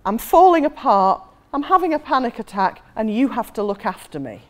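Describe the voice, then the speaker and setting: A woman's voice: a little high, expressive, moderate pace, voice pushed up, close to an everyday voice. Woman putting on a panicky young traveler.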